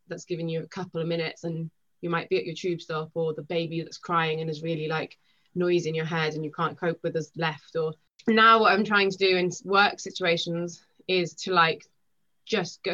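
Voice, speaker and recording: A young woman talks in a lively, quick rush, slipping into little acted-out quotes as she explains. Her voice sits a bit low for a woman. The recording sounds dull and lo-fi. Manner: rapid, animated storytelling with acted-out quotes. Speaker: guest. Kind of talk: podcast conversation.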